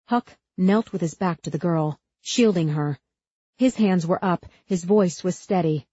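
Low, husky woman narrating an audiobook. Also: measured pace, mellow, dry recording, dull audio. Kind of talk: scripted narration.

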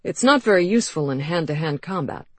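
Woman voicing a hoarse, grim young man. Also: deep voice, expressive, a little fast, no room sound. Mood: wry. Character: grim, shivering young male writer. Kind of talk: audiobook character voice.

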